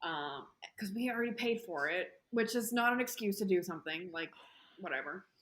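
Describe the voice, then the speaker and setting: A woman with a Southern American accent, animated and chatty as she tells a travel story on a podcast. She slips into the voices of the people she quotes and keeps the tale moving. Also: medium pitch, moderate pace. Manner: animated, acts out quoted dialogue. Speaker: podcast co-host. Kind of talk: casual storytelling chat.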